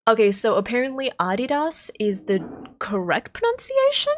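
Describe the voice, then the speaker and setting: Lively, chatty American woman streamer. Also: a little high, moderate pace. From United States. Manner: chatty and rambling, thinks aloud, self-correcting. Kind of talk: casual chat with live stream chat.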